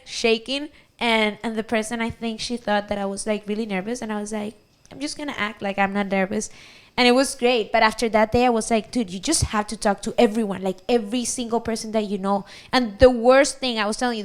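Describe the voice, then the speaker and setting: Woman panelist, high smooth voice, animated live storytelling. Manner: animated, acts out quotes. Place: event hall.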